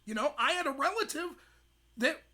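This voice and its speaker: Young man, high-pitched, bright-toned, rapid emphatic livestream host. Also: animated. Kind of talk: livestream commentary.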